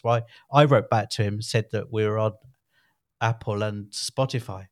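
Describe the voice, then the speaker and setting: A man's voice: medium pitch, normal speed, vocal fry. A man co-hosting a podcast, reacting eagerly and chatting with a lot of energy. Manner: animated, reactive listener, swears freely. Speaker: podcast co-host. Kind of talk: casual chat.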